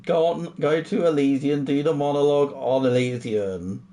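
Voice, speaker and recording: A man's voice: a little high, moderate pace, warm tone. A young man talking casually to his livestream chat, moving from a somber farewell talk to exasperated, heavily swearing outbursts. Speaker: streamer.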